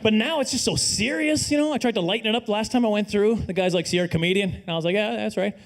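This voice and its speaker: A middle-aged Canadian man doing a live stand-up set, dry and self-deprecating, now and then bursting into loud put-on voices. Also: high voice, fast. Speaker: stand-up comedian. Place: comedy stage before a live audience.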